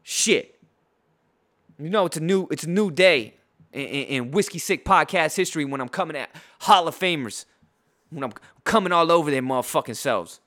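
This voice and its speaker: A man hosting a podcast, tipsy and trash-talking through a profane sports rant. His voice is bright and forceful and sits a little high, and he stumbles into restarts as he goes. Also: animated, a little fast. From San Diego. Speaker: podcast host.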